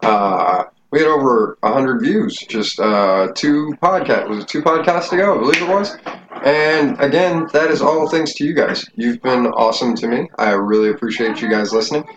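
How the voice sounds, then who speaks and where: A man's voice: medium pitch, normal speed. A man hosting a casual home podcast, loose, joking and profane as he talks to his listeners. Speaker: podcast host. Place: home bedroom. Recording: echoey room, dull and noisy.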